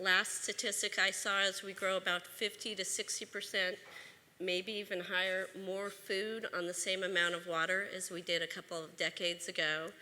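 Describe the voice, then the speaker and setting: A woman's voice: mid-range voice, bright, forceful tone. A woman speaking as a state agriculture official at a conference, earnest and emphatic, with a few restarts. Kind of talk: conference speech. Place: conference stage in a large hall. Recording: long hall reverb.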